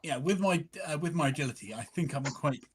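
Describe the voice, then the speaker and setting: A man's voice: on the high side, brisk, slight background noise. A man playing a tabletop game, talking casually and thinking aloud with many fillers. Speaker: player.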